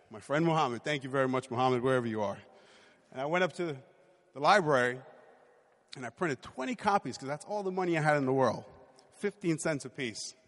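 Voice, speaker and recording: Animated man telling a story in a hall. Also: on the high side. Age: 40s. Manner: lively, animated retelling with acted-out quotes. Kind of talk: personal storytelling.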